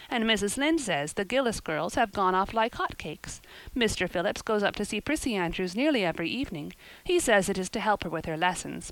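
A woman's voice: mid-range voice, no echo, low-quality recording. A woman voicing a chatty, imaginative young girl in a story reading, talking eagerly in long run-on sentences. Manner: eager, run-on, wordy talk.

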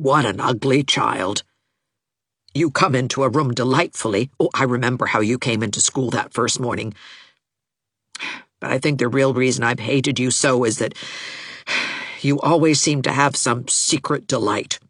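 A woman reader voicing a bitter, lonely young woman teacher who speaks haltingly and with self-pity, in an audiobook. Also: very deep voice, fairly bright tone, no room sound, studio quality. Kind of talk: audiobook character voice.

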